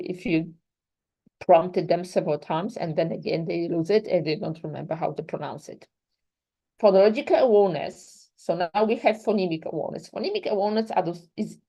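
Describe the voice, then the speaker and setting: A woman's voice: mid-range voice, darkish tone, rough recording. A young adult woman presenting a lecture to teachers, explaining step by step with examples and often checking in with "right?". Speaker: teacher trainer.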